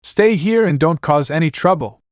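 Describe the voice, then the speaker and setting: A man's voice: fairly high pitch, lively intonation, moderate pace, no echo, studio quality, voice pushed up, close to an everyday voice. A man voicing a stern older male noble lord who speaks bluntly and commandingly.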